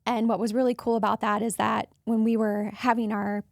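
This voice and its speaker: A woman in her thirties hosting a podcast, telling a personal story in a casual, animated way and acting out the voices of people she quotes. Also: a little fast, gravelly, dry recording, clean studio sound. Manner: animated, acts out quoted voices with jumps in pitch. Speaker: podcast host.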